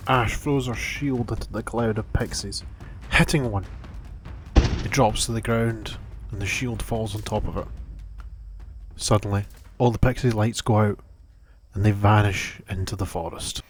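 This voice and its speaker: A man narrating a children's adventure story in a calm, steady way. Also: fairly low pitch, a little slow, a little hiss or hum.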